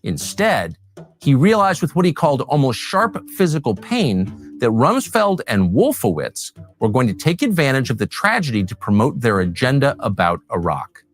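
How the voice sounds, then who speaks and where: Lively-voiced male documentary narrator. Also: mid-range voice, normal speed, soft background music.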